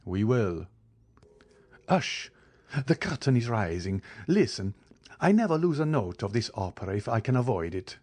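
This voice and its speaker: A man's voice: on the low side, normal speed, no room sound. A man voicing a coldly ironic count. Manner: calm, icy, ironic. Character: cold, commanding male count, bitterly ironic. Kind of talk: audiobook character voice.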